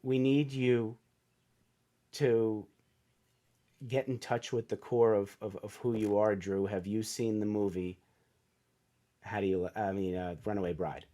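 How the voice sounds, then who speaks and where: A man's voice: fairly low pitch, fairly even intonation, unhurried, pauses often, dark tone. A middle-aged man, a podcast guest and author, telling a personal story in a casual, earnest and emotional way, acting out the voices of people he quotes.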